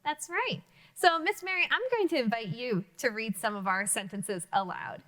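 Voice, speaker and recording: A woman teaching early readers in a high, bright voice. She speaks slowly and clearly, with a lively, bouncing pitch that suits young children. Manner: slow, clearly enunciated, encouraging teacher talk. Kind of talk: reading lesson for young children. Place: classroom-style video lesson.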